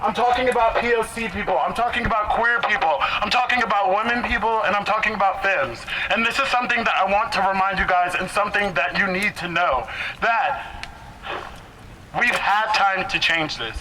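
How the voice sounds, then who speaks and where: Breathless man shouting at a rally. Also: sits high, normal speed. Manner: earnest, repetitive, shouts to the crowd. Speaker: rally speaker. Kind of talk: impassioned protest speech. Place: outdoor protest rally. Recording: outdoor rally with heavy background noise.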